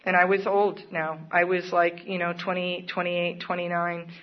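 In a dull lo-fi recording, a woman offers personal testimony at a support meeting. Her fairly low voice is level in tone and moderately paced, her manner earnest and plainspoken with occasional laughter.

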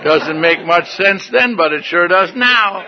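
A man's voice: high voice, lively intonation, a little slow, lo-fi sound, a crowd in the background, noisy background. An older man giving a folksy, wry personal testimony at a meeting, in front of an audience. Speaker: recovery meeting speaker.

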